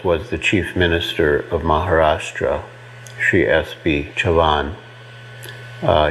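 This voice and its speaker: A man's voice: sits low, fairly bright tone, slight background noise, rough recording. A man recalling past events as a devotee, in a matter-of-fact way. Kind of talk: reflective recollection.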